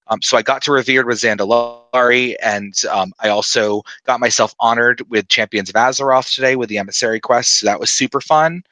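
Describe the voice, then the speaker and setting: Man, podcast host, bright voice, casual chatter, lots of ums, dry close mic. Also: medium pitch, a little fast, few pauses, no echo. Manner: relaxed, lots of ums and filler, teasing. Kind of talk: casual gaming podcast chat.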